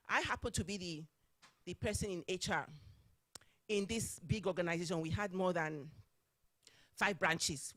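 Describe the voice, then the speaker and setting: A woman, speaking at a conference, telling a workplace story in an animated way. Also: medium pitch. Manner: animated, acts out dialogue, laughs often. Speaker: conference speaker, former HR manager. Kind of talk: storytelling talk.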